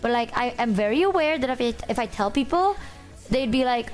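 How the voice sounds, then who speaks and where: A woman's voice: sits high, lively intonation, normal speed, soft background music. A woman streaming, chatting casually in a breezy, matter-of-fact way with frequent giggles. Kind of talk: casual chat.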